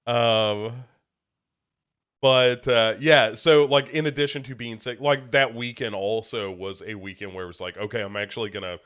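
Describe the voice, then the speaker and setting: A young man co-hosts a podcast, speaking at medium pitch and a measured pace with a clean, slightly bright tone. He sounds a little congested as he chats casually, rambling and poking fun at himself with frequent restarts.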